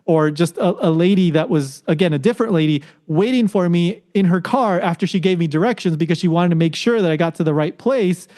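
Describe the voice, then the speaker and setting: A man's voice: a little fast, few pauses. A man from the United States, a podcast guest telling a story in casual chat and acting out the voices of the people he met. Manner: animated, acts out quoted voices with rising pitch.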